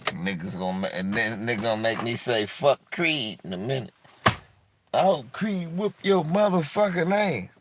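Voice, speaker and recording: A man's voice: mid-range voice, moderate pace, noisy background. A man giving casual, mocking reaction commentary in a drawling, profane way from a car.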